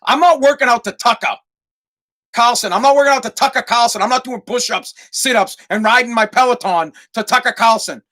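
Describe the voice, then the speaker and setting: A man's voice: very high voice, fairly quick, pushed and bright. A man from Massachusetts hosting a solo podcast, rambling through a profane comic rant and repeating himself as he goes. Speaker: podcast host.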